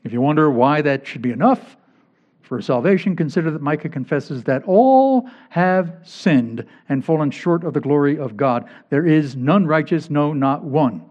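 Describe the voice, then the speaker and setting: A man's voice: on the high side, animated, normal speed. A male pastor preaching a sermon, emphatic and repeating key phrases to drive points home. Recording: dull lo-fi recording.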